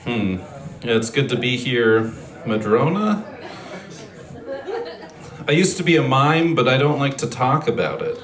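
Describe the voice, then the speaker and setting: Deadpan male comic, echoey room. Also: medium pitch, a little slow, pauses often. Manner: deadpan, self-deprecating one-liners with throat clearing. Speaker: stand-up comedian. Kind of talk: deadpan stand-up set. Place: comedy venue stage. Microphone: handheld stage mic on a speaker.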